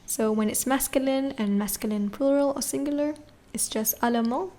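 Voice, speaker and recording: A woman teaching a French lesson, patiently repeating words slowly for learners. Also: high-pitched, dark tone. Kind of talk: recorded language lesson.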